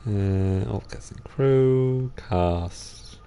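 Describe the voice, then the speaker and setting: Speaking extremely slowly in a lowish, clean-toned voice, a male game streamer casually comments on his play. He's relaxed, musing aloud and reacting to himself as he goes.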